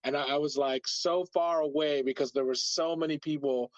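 A man's voice: fairly high pitch, steady tone, normal speed, no echo. A man hosting a casual conversation, telling a story in a rambling way with lots of filler words.

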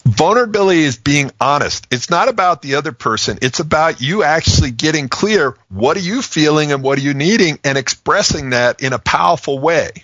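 A man explaining how to talk through feelings in a casual talk show, acting out the lines people might say. His voice is bright and forceful. The recording is dry and slightly muffled. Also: on the high side, fairly quick, dry recording. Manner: animated, acts out example phrasings. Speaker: relationship communication expert guest.

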